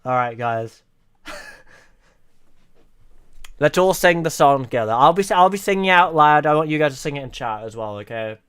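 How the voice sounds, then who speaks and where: A man's voice: a little high, lively intonation, moderate pace, pauses often, a bit bright, clear, resonant tone, no echo, clean studio sound. A man streaming live, chatting playfully with his viewers and often breaking into laughter. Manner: playful, giggly, addresses chat. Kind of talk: casual live-stream chat.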